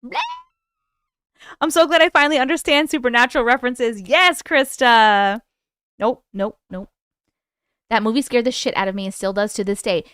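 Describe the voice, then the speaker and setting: A woman's voice: fairly high pitch, fast, fairly bright tone, clean tone, dry recording, clean studio sound. A woman hosting a live stream, chatting casually and swearing freely before reading viewer stories.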